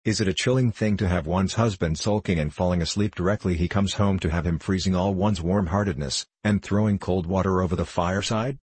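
A man's voice: sits low, fairly quick, hardly any pauses, a little mellow, slightly rough, no echo. A man reading the part of a self-pitying, reproachful middle-aged wife in a storybook. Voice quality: complaining, reproachful.

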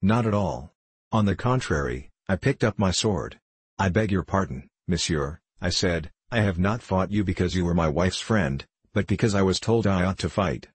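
A man voicing an absent-minded, dreamy male poet in an audiobook, speaking slowly and plaintively. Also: low voice, animated, slightly rough, no room sound. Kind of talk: audiobook character reading.

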